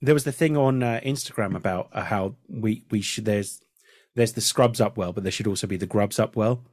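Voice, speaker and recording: A man hosting a casual chat podcast, often trailing off into a quiet mumble. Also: fairly low pitch, fairly quick, no room sound, clean studio sound. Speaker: podcast host.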